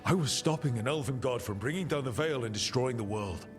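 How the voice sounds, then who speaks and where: A man's voice: medium pitch, lively intonation, a little fast, soft background music, close to an everyday voice. An actor playing a male necromancer hero in a video game, answering questions curtly and defensively. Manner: curt and defensive. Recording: game audio with long reverb.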